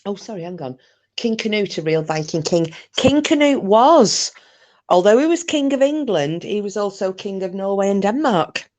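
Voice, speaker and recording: A woman's voice: medium pitch, animated, moderate pace, a little mellow. A woman from Scotland hosting a casual live chat with viewers, talking in a jokey, rambling way with lots of fillers and restarts. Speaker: live stream host.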